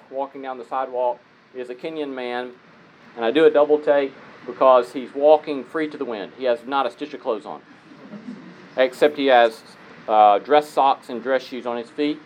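A man's voice: mid-range voice, slight background noise, low-quality recording. A man speaking conversationally to an audience, telling personal stories and asking listeners rhetorical questions. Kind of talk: conversational lecture.

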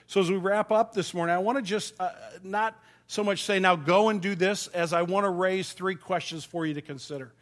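A man's voice: high voice, steady tone, fairly quick, hardly any pauses, a bit bright. A middle-aged man preaching a sermon, folksy and self-deprecating, telling stories from his childhood to make his point. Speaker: pastor.

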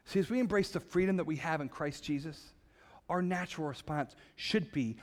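A man preaching a sermon as a pastor, emphatic, with dramatic pauses. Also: a little high, big-room sound.

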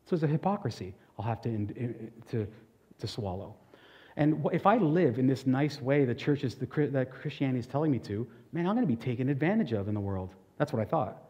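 Mellow-voiced man preaching in a reverberant hall. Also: medium pitch, expressive, fairly quick. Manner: earnest, conversational preaching with frequent restarts. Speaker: pastor. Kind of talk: sermon.

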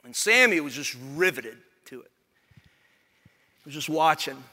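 Bright-voiced man preaching a sermon. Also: fairly high pitch, expressive, measured pace, in a large hall. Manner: emphatic, swelling into loud proclamation. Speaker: pastor.

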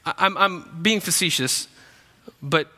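A man's voice: high-pitched, measured pace, sharp tone. A young man preaching a sermon as pastor, talking in a conversational, joking way. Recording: long hall reverb.

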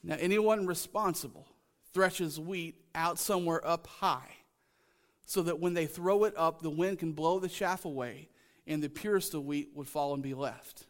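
A man's voice: on the high side, normal speed. A male pastor preaching a sermon, emphatic and repeating his key lines to the congregation.

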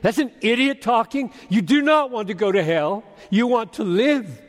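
A man preaching an expository sermon as pastor, arguing point by point and swinging from loud urging to hushed asides. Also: high voice, animated, moderate pace. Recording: long reverb of a large hall.

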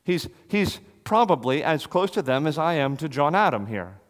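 A man's voice: fairly high pitch, big pitch swings, brisk, few pauses. Man preaching in a reverberant hall. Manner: dramatic swings from loud to hushed. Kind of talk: expository sermon.

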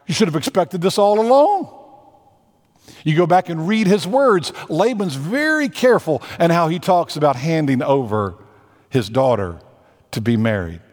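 A man's voice: on the high side, expressive, normal speed, long reverb tail. A man preaching a sermon, emphatic, repeating phrases and restarting as he makes his points. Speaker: pastor.

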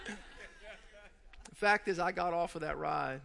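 A man who is a pastor, telling a funny story in a sermon as an animated storyteller who laughs through the tale. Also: high voice, slow pace, gravelly, pauses often.

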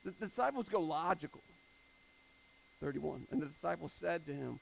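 A man preaching a sermon in a casual, animated style, repeating phrases for emphasis. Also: fairly high pitch, moderate pace, vocal fry, pauses often, slight background noise, low-quality recording.

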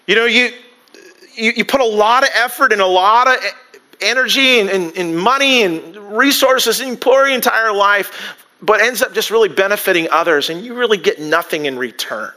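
A man's voice: extremely high pitch, pushed and bright. A man preaching a sermon, talking conversationally and acting out little asides, with frequent restarts. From United States. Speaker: pastor.

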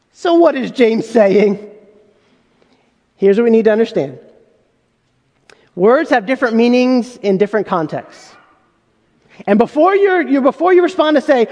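A man's voice: very high-pitched, darkish tone, in a large hall. A male pastor preaching a sermon in an emphatic way, full of rhetorical questions.

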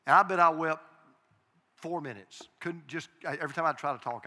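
A man's voice: fairly high pitch, brisk, pushed and bright. Earnest older man preaching in a reverberant hall. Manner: earnest, confessional storytelling with emphatic repetition. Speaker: pastor. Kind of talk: sermon. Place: church sanctuary.

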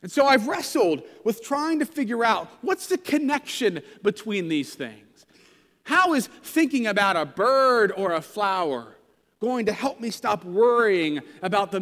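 A man's voice: high-pitched, a bit bright, long reverb tail. A pastor in his thirties preaching a sermon in a conversational, self-deprecating storytelling way.

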